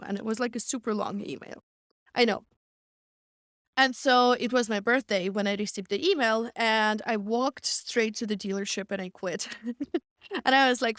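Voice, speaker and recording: Young woman guesting on a podcast, highish voice, lots of "like", dry close sound. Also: moderate pace, no room sound. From Russia. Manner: chatty, frequent "like", laughs often. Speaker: guest comedian. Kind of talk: casual interview storytelling.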